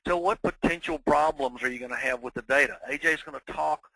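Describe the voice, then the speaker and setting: Bright-voiced man with a New York accent. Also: mid-range voice, fast, vocal fry, no room sound, poor audio. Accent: Northeastern New York. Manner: conversational, poses rhetorical questions. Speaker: webinar presenter. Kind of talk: webinar presentation.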